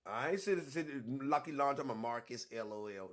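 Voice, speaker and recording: A man hosting a casual livestream, talking with emphasis and profanity and repeating himself to drive points home, moving between low mutters and loud outbursts. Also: lively intonation, fast talker, hardly any pauses. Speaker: online show host.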